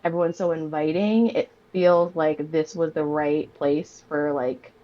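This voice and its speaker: A chatty, enthusiastic woman talks casually as a podcast guest. Her voice sits a little low and comes through dull and lo-fi, like remote call audio. She sounds relaxed and open. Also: a little slow. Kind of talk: casual chat.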